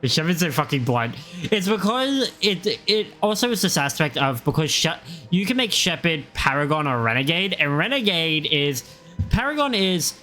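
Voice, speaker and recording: A man giving casual, animated live-stream commentary on a game. He swears freely and quotes lines from it. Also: fairly high pitch, moderate pace. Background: game music.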